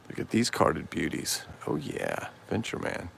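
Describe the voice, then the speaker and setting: A man's voice: lowish voice, huge pitch swings, normal speed, gravelly, few pauses, a bit bright, dry recording. A tired man chatting casually and rambling on a livestream, swearing freely. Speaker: toy collector livestream host.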